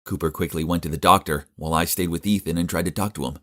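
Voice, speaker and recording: Young man, deep low voice, earnest scripted first-person narrator for an animated story. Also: fast talker.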